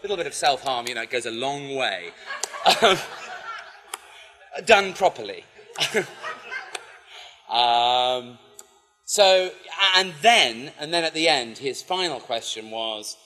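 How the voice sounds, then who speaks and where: A man telling a story to a live audience in an animated way, acting out the voices of the people in it. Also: medium pitch, takes it slowly, pauses often. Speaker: poet and speaker. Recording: long hall reverb, faint music.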